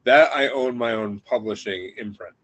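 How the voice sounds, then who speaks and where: A man's voice: lowish voice, normal speed, a bit bright, poor audio. A man guesting on a podcast as an author, talking in an easygoing, rambling way. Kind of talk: casual podcast interview.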